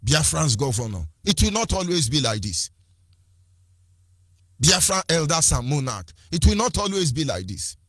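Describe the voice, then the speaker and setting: A man's voice: fairly high pitch, sing-song, moderate pace, fairly bright tone, no echo, studio quality. A Nigerian man with a Nigerian accent giving an impassioned political address, firing rhetorical questions, repeating phrases and switching between languages. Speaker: activist speaker.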